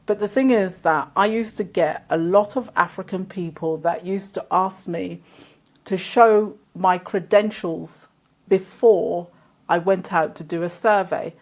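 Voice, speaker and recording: A British woman from the UK, a guest who owns a business, telling anecdotes in an animated way and acting out the voices of the people in them. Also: on the low side, unhurried. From United Kingdom. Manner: animated storyteller, acts out the voices in her anecdotes. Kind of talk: interview storytelling.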